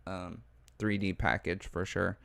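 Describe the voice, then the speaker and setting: A man's voice: low-pitched, steady tone, a little slow, a bit bright. A man co-hosting a casual livestream show, reading viewer comments aloud and chatting back about them. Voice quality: gravelly. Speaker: talk show co-host.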